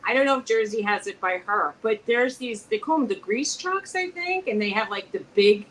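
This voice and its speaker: A woman co-hosting a casual live-stream chat, telling stories with lively quoted dialogue. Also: a little high, moderate pace, slight background noise, rough recording. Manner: chatty, animated storytelling with quoted dialogue. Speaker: co-host. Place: home.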